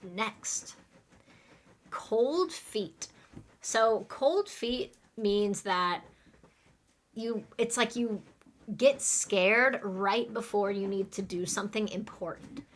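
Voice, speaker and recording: A woman's voice: medium pitch, drawn-out words. Woman teaching English vocabulary live. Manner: explains words plainly, then leads repeat-after-me drills. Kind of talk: live online vocabulary lesson.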